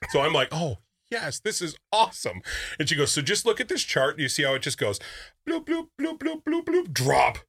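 A man in his thirties hosting a show, telling a story loudly and acting out what others said, laughing as he goes. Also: a little high, brisk, slightly rough. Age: 30s. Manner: loud, animated, laughs through stories and acts out quotes. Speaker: radio show host. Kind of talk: comedic storytelling chat.

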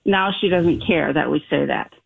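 A woman calls in to a radio advice show, her voice a little dull and muffled, as if over a lo-fi phone line. She sits somewhat low in pitch and speaks hesitantly, breaking her questions into short, halting pieces with frequent ums. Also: vocal fry, husky, dry recording. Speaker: caller.

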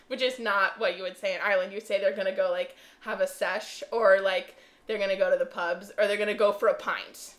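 A woman's voice: medium pitch, steady tone, brisk, a bit bright, roomy sound. A young woman co-hosting a podcast, talking loosely and laughing easily. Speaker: podcast co-host. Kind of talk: casual chat.

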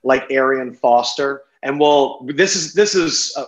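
A man hosting a casual sports betting podcast, playful and excitable, speaking over a phone. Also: mid-range voice. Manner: excitable, playful, quick asides. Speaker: podcast host. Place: home in a city apartment. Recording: echoey room over a phone.

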